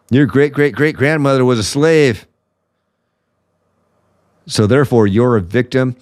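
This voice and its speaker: A man's voice: fairly low pitch, darkish tone, no room sound, clean studio sound. A man hosting his own podcast, delivering a blunt, sarcastic political commentary monologue with open indignation. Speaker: podcast host.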